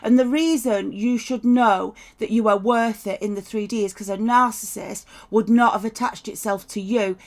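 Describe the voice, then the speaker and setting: Chatty woman with vocal fry. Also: fairly high pitch, steady tone, moderate pace, few pauses. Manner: chatty, keeps asking "right?", swears freely. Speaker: tarot reader. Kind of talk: casual spoken tarot reading.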